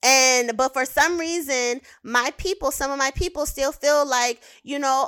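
A woman rants in a casual commentary, her voice sitting a little high for a woman. She swears freely and hammers her points home by repeating words. She talks like a behavioral science professional who has clients. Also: measured pace, few pauses, a bit bright. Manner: heated, profane, repeats words for emphasis.

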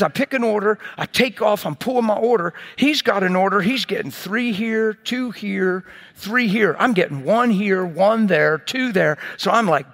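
A man preaching, telling a personal story in an animated way and acting out scenes with sound effects. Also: high-pitched. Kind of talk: sermon testimony storytelling.

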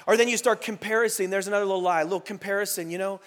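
A man preaching a sermon as pastor, animated, dropping into low muttering voices to act out inner grumbling. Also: rapid-fire, hardly any pauses. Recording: long hall reverb.

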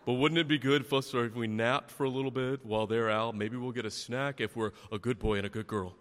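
A man voicing a hyper male pet dog that quietly talks the other dog into a nap, in a low, hushed murmur. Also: fairly even intonation, brisk, lightly acted. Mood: coaxing. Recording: long echo of a large hall.

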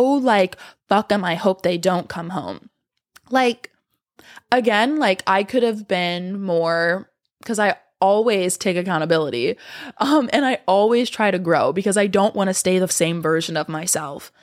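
A woman's voice: medium pitch, moderate pace. Young woman, vlogger, casual chat, profane, out of breath, sore throat. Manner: rambling, profane, emphatic.

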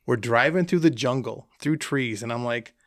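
A man casually telling an animated travel anecdote, acting out the dialogue as he goes. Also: mid-range voice, moderate pace, dry recording, studio quality. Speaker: hunting trip guest telling a story. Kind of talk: casual storytelling.

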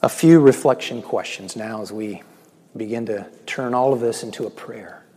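A male pastor giving a sermon, swinging between loud emphatic lines and slow, hushed, near-whispered ones. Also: on the low side, husky. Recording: long echo of a large hall.

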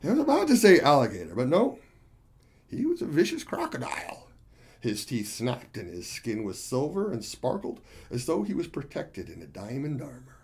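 A man's voice: mid-range voice, wildly swooping pitch, moderate pace, a little mellow. A man as a boastful monkey warrior. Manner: gleeful, boasting storyteller addressing friends.

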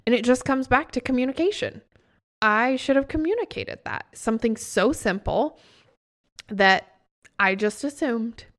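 A young adult woman co-hosts a casual podcast in an expressive, somewhat high, slightly bright voice at a slightly slow pace. She tells stories and acts out the dialogue people spoke.

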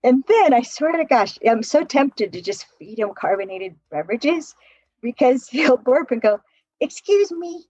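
In a podcast conversation, a woman relationship coach tells stories animatedly, laughing often and acting out quotes. Her fairly high voice is slightly rough and moves at a moderate pace, recorded with no echo and the highs cut off.

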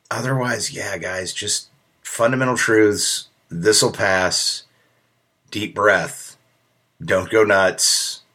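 Low-voiced podcast guy rambling earnestly, pokes fun at himself. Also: bright, forceful tone. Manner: earnest, rambling, self-deprecating. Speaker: podcast host. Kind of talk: casual solo podcast talk.

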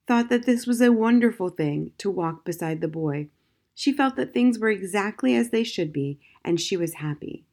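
A woman narrating a children's novel as an audiobook, in a gentle, measured way. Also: mid-range voice. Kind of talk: scripted storybook narration.

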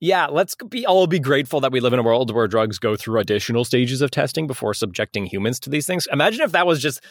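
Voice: mid-range voice, lively intonation, fast talker, dry recording, studio quality. A podcast co-host chatting casually and joking, laughing often. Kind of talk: casual comedic chat.

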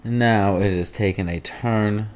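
A young man co-hosting a podcast, reacting to a crime story in an animated way and laughing easily. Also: lowish voice, takes it slowly, a little hiss or hum. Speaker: podcast co-host. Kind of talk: casual chat.

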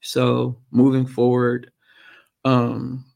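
Gravelly man telling a hard story. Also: mid-range voice, monotone, darkish tone. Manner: halting, frequent "um" pauses. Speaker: podcast guest, motorcycle racer. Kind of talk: personal storytelling in interview.

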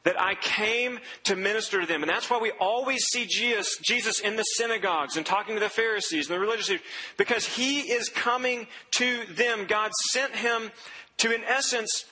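A man's voice: high voice, normal speed, pushed and bright, big-room sound, rough recording. A man preaching a sermon in a conversational way, quoting scripture and acting out what people said. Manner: conversational preaching, quotes scripture and acts out voices. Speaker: pastor.

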